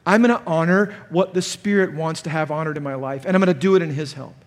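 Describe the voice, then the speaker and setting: A pastor preaching at a conference, animated, acting out the people he quotes in a raised voice. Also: on the high side, quick pace. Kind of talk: conference sermon. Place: conference hall. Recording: large hall with long reverb.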